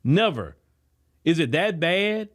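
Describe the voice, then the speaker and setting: An American man with an African American English accent, hosting a podcast and delivering an emphatic, preachy commentary monologue that is full of repeated words and restarts. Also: takes it slowly. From United States. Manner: animated, swinging from raised to low, quiet asides. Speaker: podcast host.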